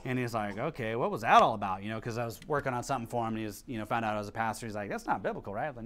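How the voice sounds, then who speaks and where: A man's voice: medium pitch, rapid-fire, hardly any pauses. A man preaching a sermon as pastor, telling stories animatedly and reading scripture aloud. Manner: animated storytelling, acts out quotes, reads scripture.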